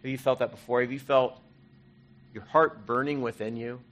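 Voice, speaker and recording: Man, sermon, earnest, conversational, mid-range voice, loud peaks and quiet drops. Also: medium pitch, fairly even intonation, normal speed. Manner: earnest, swings between loud emphasis and soft hushed asides. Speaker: pastor.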